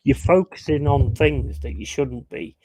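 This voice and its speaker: A man's voice: mid-range voice, measured pace, dark tone, slight background noise, poor audio. A man hosting a casual watch-along chat, blunt and opinionated, swearing freely and reading out viewer comments.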